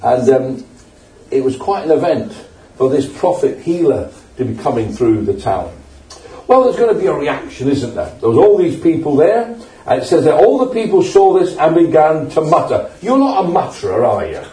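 In an echoey church hall, with the mic set at a distance, an older man preaches a sermon and asks the congregation questions in a humorous, conversational way. His voice is a little high and dark in tone, swinging widely in pitch at a normal speed.

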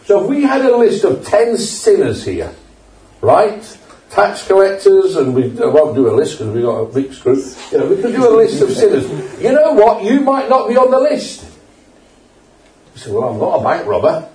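A man's voice: sits high, very animated, normal speed, mellow. Older man preaching in an echoey church. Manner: humorous, conversational, asks the congregation questions. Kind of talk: sermon. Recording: echoey church hall, mic at a distance.

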